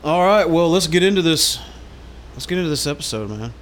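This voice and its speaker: A man's voice: fairly high pitch, animated, fairly quick, slight background noise. A man hosting a podcast in casual chat, joking around and rattling off show plugs. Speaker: podcast host.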